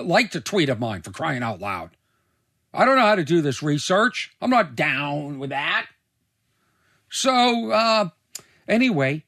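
A man in casual commentary, reacting to a reality show clip, animated and incredulous, sometimes putting on mocking impressions. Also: fairly high pitch, no echo, clean studio sound.

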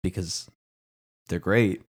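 Earnest man with a lowish voice. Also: slow, slightly rough. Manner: earnest and impassioned. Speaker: podcast co-host. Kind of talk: casual podcast chat.

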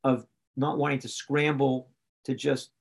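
A man's voice: medium pitch, level tone, unhurried, gravelly. A man from West Virginia, a coach and podcast guest, talking candidly in a rambling, self-correcting way. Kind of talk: candid conversation.

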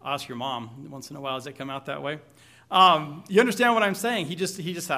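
A man's voice: fairly high pitch, brisk, sharp tone. A man preaching a sermon, reading scripture aloud and asking the congregation questions with light humor. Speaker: pastor.

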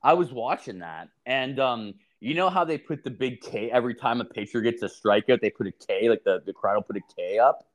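A man's voice: medium pitch, lively intonation, fairly quick, hardly any pauses. A man co-hosting a podcast, telling crude stories in casual chat, swearing and acting out the people he quotes. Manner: profane, laughing, acts out quoted people. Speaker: podcast co-host.

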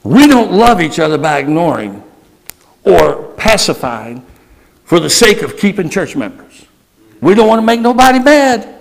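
High gravelly preaching man. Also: big pitch swings, rough recording. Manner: preaching with sudden shouts and slow emphatic stretches. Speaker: pastor. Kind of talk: sermon.

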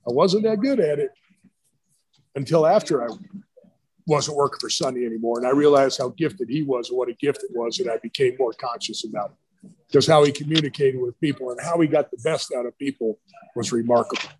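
A man's voice: mid-range voice, fairly quick, a little hiss or hum, rough recording. A middle-aged man, a retired football coach, telling rambling stories in a casual interview. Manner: rambling, storytelling with quoted voices.

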